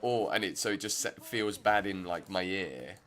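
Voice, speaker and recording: A man's voice: low-pitched, lively intonation, normal speed, a bit bright. A man giving rambling, chatty commentary while streaming a game. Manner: rambling, self-interrupting, chatty. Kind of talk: casual gameplay commentary.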